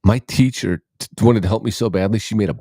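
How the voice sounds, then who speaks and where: Man, low voice, dry close sound, middle-aged, rambling casual chat, swears, restarts a lot. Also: quick pace, mellow, no echo. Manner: rambling, self-interrupting, swears freely. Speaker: podcast co-host.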